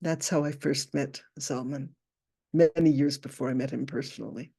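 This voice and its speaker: A woman telling a personal story at a memorial gathering, halting and repeating phrases as she goes. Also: rumbling low, fairly even intonation, creaky, warm tone, slightly rough. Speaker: memorial speaker.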